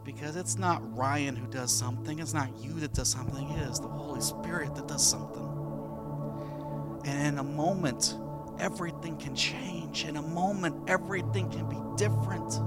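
A man preaching a sermon, moving between quiet storytelling and loud, impassioned preaching. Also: a little high, moderate pace, over loud music. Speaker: pastor.

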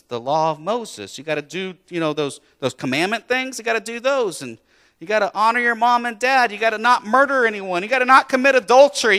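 A man voicing a calm male religious teacher who lists rules in a matter-of-fact, casual way. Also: high voice, clean tone, voice pushed up.

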